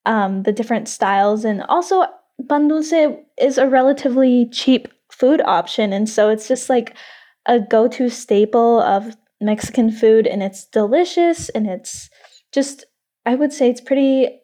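A woman chatting as a podcast guest, lively and descriptive, with casual "like" and "um" fillers. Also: a little high, unhurried.

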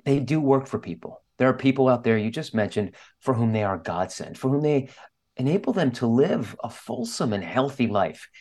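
A man's voice: mid-range voice, big pitch swings, moderate pace, darkish tone. A man speaking as an interview guest, telling a candid personal story in an earnest, openly emotional way. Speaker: guest author.

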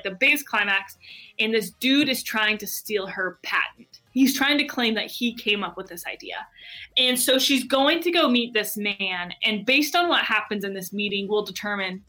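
High bright excitable woman storyteller. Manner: excitable, heavy use of "like". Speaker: guest entrepreneur. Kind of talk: animated storytelling.

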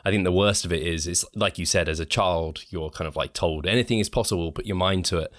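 Deep-voiced man chatting easily. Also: fast talker, fairly bright tone, no echo, clean studio sound. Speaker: podcast guest. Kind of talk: casual podcast conversation.

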